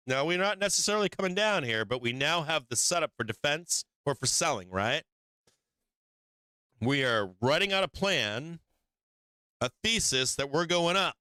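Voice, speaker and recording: A man's voice: on the high side, lively intonation, a little slow, long pauses, bright, forceful tone, smooth, dry recording. A man hosting a stock market stream, talking through charts in a brash, profane, hyped-up way and speaking straight to his viewers. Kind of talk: casual live chart commentary.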